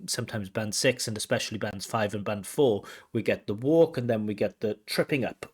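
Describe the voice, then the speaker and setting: A Welsh man with a fairly low, darkish voice that has a breathy edge speaks fairly quickly as an examiner. He gives a teaching-style explanation of a candidate's speaking test, imitating intonation with tut sounds, in a spoken exam feedback lesson.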